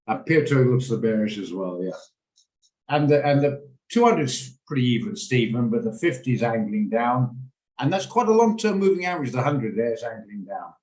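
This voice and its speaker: A man with a medium-pitched, darkish voice hosts a trading lesson live from his home office over video, explaining his orders and greeting attendees by name. He moves at a moderate pace with lively intonation, and the recording is reverberant and low in quality.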